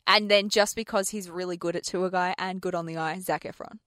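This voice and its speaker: A woman's voice: on the low side, fairly even intonation, brisk, fairly bright tone, dry recording, studio quality. A woman co-hosting a radio show, trading sarcastic, playful comebacks. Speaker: radio co-host. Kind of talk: casual banter.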